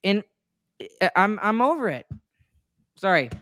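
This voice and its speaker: A woman's voice: medium pitch, very animated, unhurried, fairly bright tone, no room sound, clean studio sound. A woman co-hosting a sports talk show, venting her frustration in a rambling, emotional way with many restarts and apologies. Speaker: sports podcast co-host. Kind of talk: casual chat.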